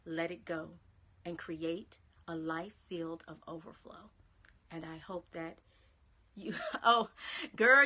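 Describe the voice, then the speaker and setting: A woman's voice: on the low side, bright, forceful tone. A woman with a Southern American accent giving an encouraging live-stream pep talk, chatting to viewers and dropping to a whisper on key phrases. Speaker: motivational speaker. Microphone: phone or webcam live stream.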